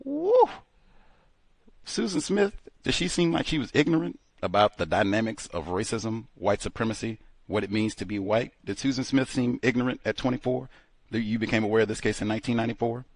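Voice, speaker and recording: A man hosting a talk show, interrupting his guest and pressing his questions with slow, emphatic delivery. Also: lowish voice, no room sound, studio quality. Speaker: radio show host.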